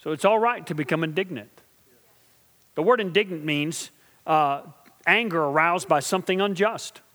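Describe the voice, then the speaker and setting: A middle-aged man preaching to his congregation in a fairly high voice, with a long hall reverb trailing behind him. He drops to slow, hushed intensity and then climbs into loud, driving emphasis, checking in with his listeners as he goes. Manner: preaching with call-and-response asides to the congregation; shifts from quiet, slow intensity to loud, emphatic build-ups. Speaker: pastor. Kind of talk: sermon.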